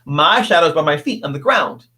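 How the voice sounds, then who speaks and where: A man in his fifties, a guest telling a personal story in an earnest, halting way with many restarts. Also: fairly high pitch, lively intonation, sharp tone.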